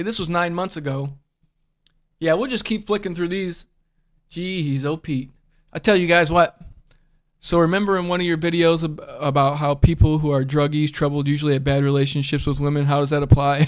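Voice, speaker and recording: Man, high-pitched voice, livestream host, casual rambling chat, blunt and profane. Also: fairly even intonation, normal speed.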